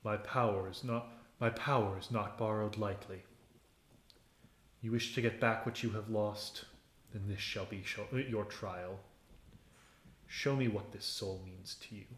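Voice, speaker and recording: A man's voice: lowish voice, fairly even intonation, a little slow, pauses often, fairly bright tone, echoey room. A man voicing an ancient storm power that speaks in solemn, commanding pronouncements.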